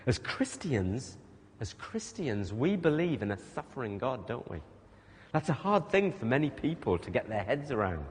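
Male preacher, lively sermon delivery, big echo of a hall. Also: mid-range voice, fairly quick. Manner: emphatic, animated, rhetorical questions to the congregation. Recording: long reverb of a large hall.

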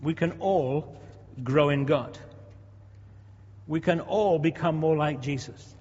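A man in his sixties gives a sermon in a church, talking in a conversational way, asking rhetorical questions and repeating himself. His voice is husky and sits a little high. The recording is dull, with long reverb from the hall. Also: slow pace, a little mellow. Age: 60s. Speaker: preacher.

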